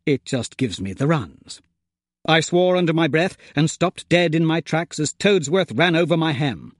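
A man narrating a comic adventure in the first person, with plummy, gentlemanly turns of phrase. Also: on the high side, animated, normal speed, no echo, studio quality. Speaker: audiobook narrator.

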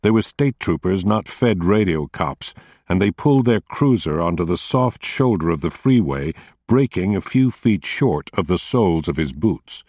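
A man narrating a story in a measured, even audiobook reading. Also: sits low, no echo, studio quality.

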